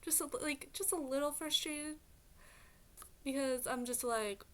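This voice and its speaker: A woman's voice: sits high, unhurried, pauses often, slight background noise. A woman vlogger telling a story in a casual, rambling way, full of fillers and exasperated asides. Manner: rambling, filler-heavy retelling with many "like"s; exasperated, animated venting.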